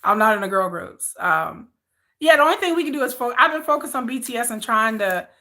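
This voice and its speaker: A woman's voice: on the high side, lively intonation, brisk, pushed and bright. A woman vlogger chatting casually, ranting with exasperation, repeating herself and answering viewer comments. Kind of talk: casual chat.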